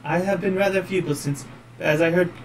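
A man's voice: high-pitched, fairly even intonation, a little fast, distant mic, a little hiss or hum, pitched above the performer's own voice, natural voice, poor audio. A man voicing an earnest young female princess and priestess.

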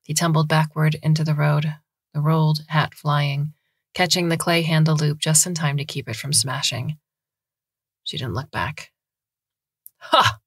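A woman narrating a short story in a measured, scripted reading. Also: sits low, fairly even intonation, slightly rough, dry recording, studio quality.

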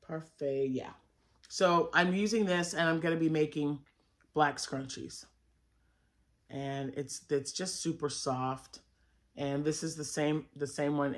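A woman crochet vlogger chatting casually to her viewers at home, rambling with frequent fillers and restarts while showing her yarn. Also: deep voice. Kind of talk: casual chat.

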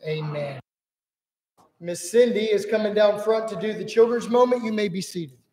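A man serving as pastor, reciting the creed in a steady liturgical way in a church. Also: high voice, moderate pace. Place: church sanctuary. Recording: echoey hall with congregation.

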